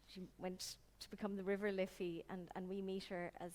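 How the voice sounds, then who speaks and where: A woman chatting hesitantly on stage at a library event, introducing readings with many pauses. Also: mid-range voice, flat delivery, big-room sound. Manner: hesitant, many ums, soft and trailing. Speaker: performer and reader at a library event. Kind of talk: casual stage chat. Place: public library event room. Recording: live event with music behind.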